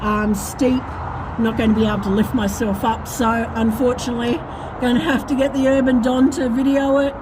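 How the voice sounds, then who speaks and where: A woman's voice: a little high, level tone, moderate pace. An Australian woman vlogging about urban exploring in a casual, giggly, self-deprecating way, recorded outdoors beside a busy road. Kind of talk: casual vlog chat. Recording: outdoor recording with clear traffic noise.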